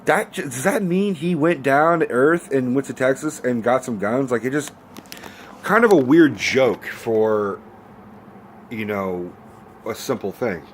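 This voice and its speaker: A man's voice: medium pitch, a little slow, a little hiss or hum. A man giving a casual, rambling movie review rant, swearing freely and filling gaps with ums and likes. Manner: rambling and profane, full of fillers. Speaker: film reviewer.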